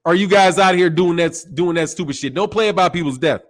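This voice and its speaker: High-voiced man ranting about boxing. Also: fairly quick, poor audio. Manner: animated, acts out quoted voices, curses freely. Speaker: boxing channel host. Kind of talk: casual opinion commentary.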